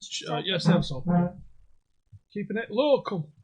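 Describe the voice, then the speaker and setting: A young man hosts a pub quiz livestream from home, reading out comments on a desk microphone in a jokey, sweary way. His voice sits high and sounds husky, with lively intonation and a moderate pace. It's casual livestream banter.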